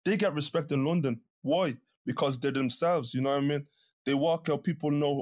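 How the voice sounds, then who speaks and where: Guy rapper, slangy and animated, podcast chat. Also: on the high side, fairly quick. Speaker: rapper guest. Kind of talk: podcast discussion.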